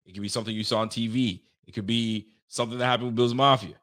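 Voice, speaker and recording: A man hosting a casual sports podcast, animated and swearing freely, talking straight to his listeners and breaking into loud outbursts. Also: mid-range voice, rapid-fire. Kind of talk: casual fan commentary.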